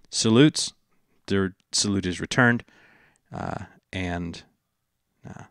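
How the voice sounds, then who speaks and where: A man narrating a tabletop game as dungeon master, slow and halting with many fillers. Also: on the low side, a bit bright, dry recording, clean studio sound.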